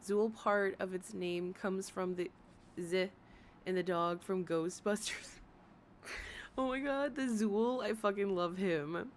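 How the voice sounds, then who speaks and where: A weary woman streamer chatting her way through commentary, wandering off on tangents and cutting herself off with little laughs. Her voice sits at an ordinary middle pitch, and a faint hum of noise stays under it. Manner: rambling, self-interrupting, giggly. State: tired from long talking.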